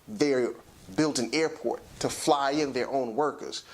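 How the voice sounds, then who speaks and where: A man hosting a talk show, giving a lecturing, emphatic commentary and slowing down to stress his points. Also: medium pitch.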